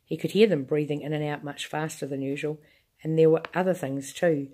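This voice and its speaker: Low-voiced woman reading a storybook aloud. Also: fairly even intonation, fairly quick, warm tone. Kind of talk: reading a children's book aloud.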